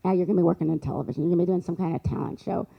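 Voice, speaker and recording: A woman's voice: lowish voice, steady tone, very fast, creaky, breathy edge, dull audio. A woman imitating an older woman psychic who speaks emphatically, stumbling and repeating words as she insists on her visions. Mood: insistent.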